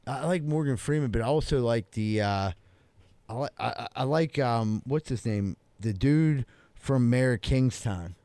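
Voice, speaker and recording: A man's voice: medium pitch, lively intonation, a little slow, dark tone, no room sound. A man with a mid-range voice co-hosting a podcast, recorded close and dry. He banters casually and throws in crude jokes. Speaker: podcast co-host. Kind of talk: casual chat.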